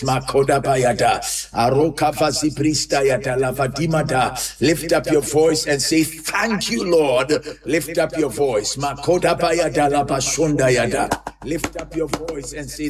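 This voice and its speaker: A man preaching and leading prayer in a slow, repetitive, half-sung cadence, at times speaking in tongues. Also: mid-range voice. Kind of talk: sermon and congregational prayer. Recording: voice somewhat distant from mic.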